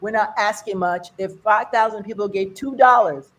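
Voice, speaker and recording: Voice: mid-range voice, animated, fast talker, hardly any pauses, fairly bright tone. A host emceeing an online comedy fundraiser, playful, teasing and upbeat. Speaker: show host. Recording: faint background noise.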